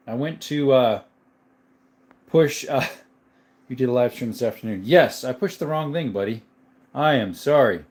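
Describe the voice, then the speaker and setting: A man's voice: mid-range voice, a little mellow. Man hosting a live stream with a mid-range voice, casual and chatty, greets each viewer by name. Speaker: livestream host. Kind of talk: casual live chat reading comments.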